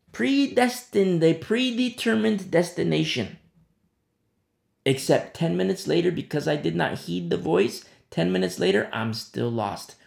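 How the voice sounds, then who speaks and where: A man preaching a sermon in a relaxed, storytelling way, often saying "you know". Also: fairly high pitch, creaky, roomy sound.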